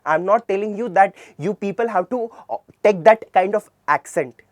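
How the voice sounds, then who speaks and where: In a dry recording, an Indian English–accented man with a high-pitched voice talks at a moderate pace. His earnest, classroom-style lecture covers communication skills, and he frequently asks questions only to answer them himself.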